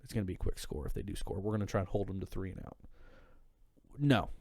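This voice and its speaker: A man's voice: deep voice, fast talker, creaky, darkish tone, no echo, studio quality. Profane, heated man telling a story. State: tipsy. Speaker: podcast guest. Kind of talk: casual drunk podcast chat.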